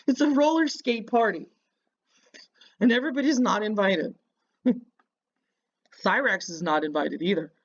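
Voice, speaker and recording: A woman's voice: fairly high pitch, slow, pauses often, muffled recording. A woman hosting a reaction video, mocking and insulting the person on screen with sarcastic commentary.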